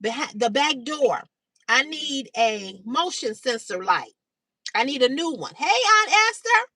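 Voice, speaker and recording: A woman hosting a casual livestream, retelling a story in a chatty, animated way and greeting viewers by name. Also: fairly high pitch, measured pace, dry recording. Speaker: livestream host. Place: outdoors in sunlight.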